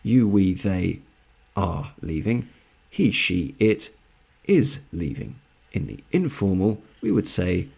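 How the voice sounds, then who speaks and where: A man with a London accent teaching English grammar, slowly and carefully repeating example sentences. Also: deep voice, very animated, gravelly, darkish tone, breathy edge. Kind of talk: slow, deliberate grammar lesson.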